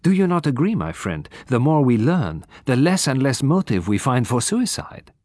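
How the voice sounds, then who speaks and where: A man voicing a fussy, precise little male detective, speaking politely and softly. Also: medium pitch, big pitch swings, moderate pace, no room sound, studio quality. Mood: thoughtful. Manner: polite, precise, soft-spoken.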